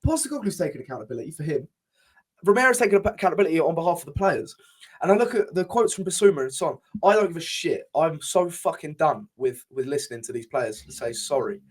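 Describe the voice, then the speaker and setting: Quick and lively in intonation, this young podcast co-host has a fairly high, slightly rough voice. Frustrated and passionate, he curses often and keeps starting his sentences over in the casual conversation.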